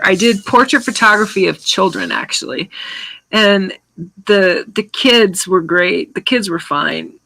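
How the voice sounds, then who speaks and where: A woman's voice: fairly low pitch, vocal fry, sharp tone, dry recording, poor audio. A middle-aged woman chatting casually while she paints on a live stream, rambling with many restarts and answering viewer comments.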